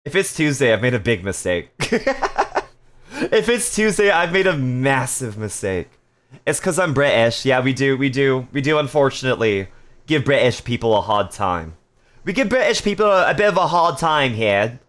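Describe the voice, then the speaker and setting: A man's voice: medium pitch, sing-song, moderate pace, fairly bright tone. A man casually chatting on a live stream, reading viewer messages aloud with playful jokes and frequent laughter. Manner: laughs often.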